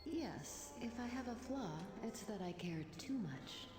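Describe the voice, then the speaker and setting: A woman's voice: fairly high pitch, expressive, unhurried, darkish tone. An actress playing a haughty, aloof female mentor with an affected British accent, cool and condescending. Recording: roomy game audio with music.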